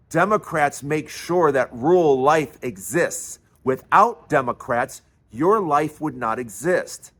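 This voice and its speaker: A man's voice: on the high side, a bit bright. A man hosting his own political commentary show, delivering a fiery, scornful rant full of sarcasm, mockery and swearing. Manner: sarcastic, mocking and profane.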